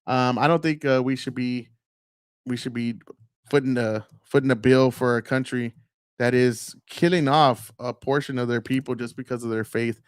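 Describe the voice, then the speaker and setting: A man's voice: medium pitch, fairly even intonation, normal speed, clear, resonant tone, no room sound, studio quality. A man hosting a show, talking bluntly and profanely in a rambling, filler-heavy way. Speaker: host. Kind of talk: casual political commentary.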